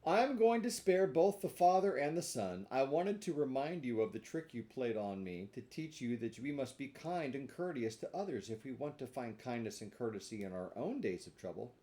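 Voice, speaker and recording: A man voicing a small, wise talking cricket in a read-aloud storybook, speaking in a measured, lecturing way. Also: medium pitch, lively intonation, mellow, lightly acted. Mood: reproachful.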